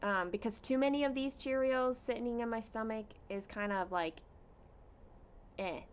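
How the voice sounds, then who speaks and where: A woman hosting a casual cross-stitch livestream at home, chatting with viewers and reading out their comments in an unhurried way with plenty of fillers. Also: a little high, slight background noise.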